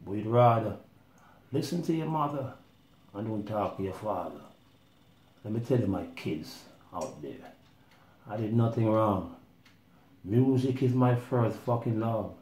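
A man's voice: on the low side, measured pace, long pauses, a little mellow. A man telling his own story in a rambling, blunt monologue, swearing freely and acting out other people's voices. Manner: profane, blunt, acts out voices. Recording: roomy echo.

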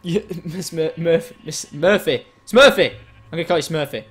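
A young man with a fairly high pitch and steady tone speaks at normal speed while playing on his gaming channel. He keeps up playful, teasing chatter that sometimes turns frustrated.

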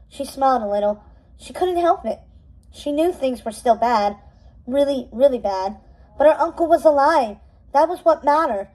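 A woman reading a novel aloud in an expressive, softly dramatic way. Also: high-pitched, normal speed, low-quality recording. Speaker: storybook reader.

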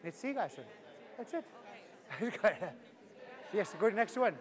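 A man with a fairly high voice leads a live language class, joking around and drilling words for the group to repeat. His voice rings out with a long reverb in a large hall. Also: big pitch swings, a little slow, some chatter behind. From Canada. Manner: playful, laughing, drilling phrases for repetition. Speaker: Cree language teacher.

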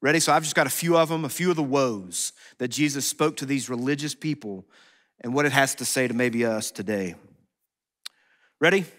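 A man pastor preaching a sermon in a conversational, animated way, acting out quotes as he goes. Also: medium pitch, moderate pace. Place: church sanctuary. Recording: long hall reverb.

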